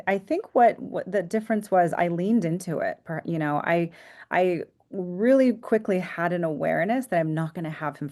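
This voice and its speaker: A woman psychotherapist talking reflectively in a podcast interview, sometimes dropping to a hushed voice. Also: sits low. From United States. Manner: reflective, soft-spoken, drifts into hushed tones. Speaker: psychotherapist guest.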